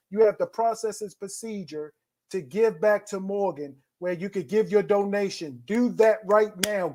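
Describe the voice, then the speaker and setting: A man in his fifties hosting a virtual telethon, upbeat and encouraging. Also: high-pitched. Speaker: host.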